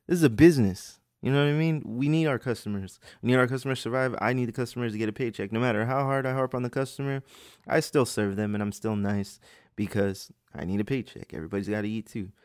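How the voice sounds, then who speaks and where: A man's voice: mid-range voice, fast talker, a little mellow, no room sound, studio quality. A man hosting a podcast, telling customer stories in a profane, exasperated, rambling way. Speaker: podcast host. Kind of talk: casual storytelling rant.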